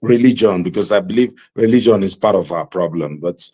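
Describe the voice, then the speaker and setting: A man hosting a panel debate, speaking haltingly with many fillers before arguing firmly. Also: low-pitched, slightly rough. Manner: halting, many fillers, then forceful argument. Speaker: talk show host.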